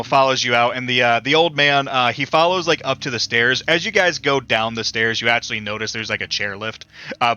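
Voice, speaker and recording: A man narrating a tabletop horror game as game master, halting often with filler words. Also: mid-range voice, sharp tone. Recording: dull lo-fi mic with faint music.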